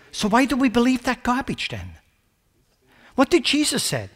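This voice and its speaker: A man's voice: very high voice, wildly swooping pitch, normal speed, a bit bright. A man preaching a sermon, asking rhetorical questions and mocking wrong ideas with sarcastic paraphrases before stressing his point. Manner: rhetorical questions, rising to emphatic peaks.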